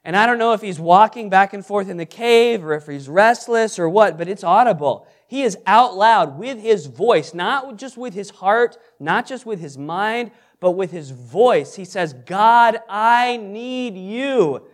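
A man's voice: high voice, expressive, moderate pace, hardly any pauses. A man teaching an interactive Bible study, asking the group questions and repeating their answers. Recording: echoey room with background noise.

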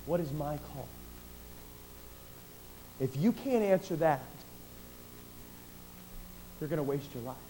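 A middle-aged man preaching a sermon, swinging between loud, emphatic declarations and quiet, personal storytelling, often repeating and restarting phrases. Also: a little high, expressive, takes it slowly, pauses often, slight background noise, poor audio.

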